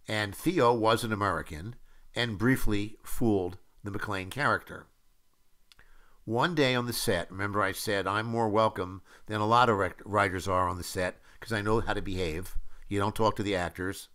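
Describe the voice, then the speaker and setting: Bright-voiced older man telling film stories. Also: fairly low pitch. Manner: anecdotal storytelling, with many fillers and acted-out quotes. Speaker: screenwriter. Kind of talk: film audio commentary.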